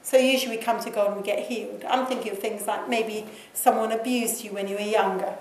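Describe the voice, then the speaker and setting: A woman's voice: medium pitch, steady tone, fast, distant mic, slight background noise. Woman preaching in an echoey hall. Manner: conversational, acts out quoted prayers softly. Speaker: guest speaker. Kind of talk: sermon. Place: church hall.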